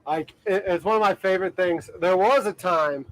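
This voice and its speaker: High-voiced man chatting on a boat livestream. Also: moderate pace, no room sound, rough recording. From Ohio, USA. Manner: rambling, filler-heavy talk with many "like"s and frequent laughter. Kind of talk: casual live-stream chat. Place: outdoors on a boat on the water.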